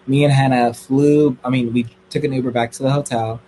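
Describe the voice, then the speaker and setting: Talking briskly over a bit of background noise, a young man dishes out a dramatic piece of gossip to his live stream audience. His voice jumps to high squeals when he gets worked up.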